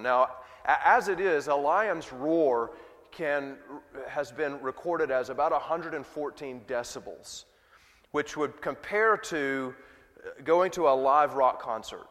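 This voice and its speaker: A man's voice: medium pitch, a bit bright. Male pastor preaching in a reverberant church. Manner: conversational preaching with rhetorical questions. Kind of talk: sermon. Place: church sanctuary.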